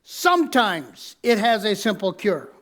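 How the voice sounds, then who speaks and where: A man's voice: high-pitched, wildly swooping pitch, a little slow, fairly bright tone. A man preaching a sermon as pastor, mixing a personal story with teaching, repeating key lines for emphasis and telling listeners to mark their notes. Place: church sanctuary.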